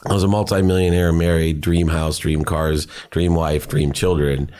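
Guest spot: middle-aged man, very low voice, earnest storytelling. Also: little pitch movement, normal speed, mellow, clean tone. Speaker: podcast guest. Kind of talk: personal storytelling.

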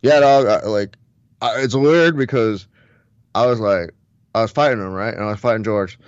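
A man's voice: on the low side, normal speed, dry recording, dull audio, close to an everyday voice. A man doing an impression of a laid-back male fighter who talks in slurred slang, swears constantly and calls everyone dog.

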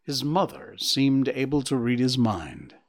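A man narrating a storybook in a hushed, expressive reading that dips into near whispers. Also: mid-range voice, unhurried.

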